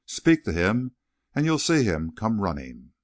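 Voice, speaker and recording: A man's voice: fairly low pitch, huge pitch swings, measured pace, no echo, clean studio sound. A man reading a blunt, suspicious gambler. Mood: wry. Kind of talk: audiobook character reading.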